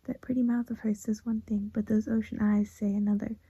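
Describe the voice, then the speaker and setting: A woman reading as a teasing young prince, soft and whispery. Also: medium pitch, flat delivery, a little fast, slightly rough, no echo, lo-fi sound. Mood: smitten. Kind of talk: reading a novel aloud.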